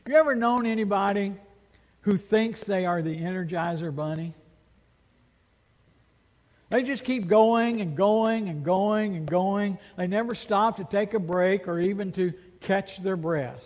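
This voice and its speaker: High-voiced slow preaching pastor. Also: male voice. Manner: emphatic preaching with rhetorical questions. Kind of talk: sermon. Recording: long reverb of a large hall.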